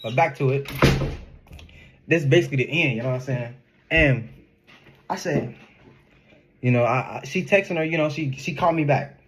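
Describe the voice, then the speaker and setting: A young man telling a casual storytime in an animated, slangy way, laughing often. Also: mid-range voice, moderate pace, long pauses, slight background noise. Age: young adult. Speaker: vlogger.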